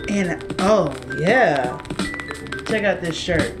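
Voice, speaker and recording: A woman's voice: lowish voice, measured pace, music in the background. Playful slangy woman unboxing packages. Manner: animated and playful, slangy, breaks into song. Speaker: vlogger. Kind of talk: casual unboxing vlog. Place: studio apartment.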